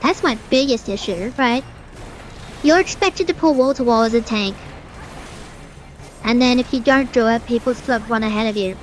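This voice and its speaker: A woman's voice: a little high, normal speed, pauses often, faint music behind. A young woman streamer in casual gameplay commentary, ranting in a chatty way with many fillers. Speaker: gaming streamer.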